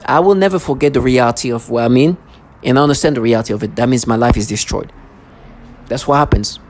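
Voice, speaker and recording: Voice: mid-range voice, fast talker, a little mellow, slight background noise. A vlogger speaking in a rambling personal monologue, agitated and repetitive, with frequent stammering restarts.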